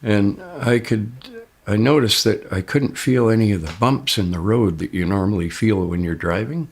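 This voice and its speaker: A man's voice: fairly low pitch, normal speed. An older man casually telling a first-person story, jumping his voice up when he quotes others. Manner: raises his voice sharply when quoting others. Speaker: interviewee recounting an experience.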